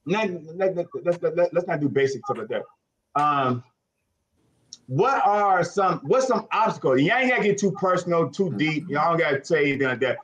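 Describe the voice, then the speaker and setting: A man in his forties from Chicago, hosting a casual chat and giving animated, preachy advice. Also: on the high side, moderate pace. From Chicago, USA. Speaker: host.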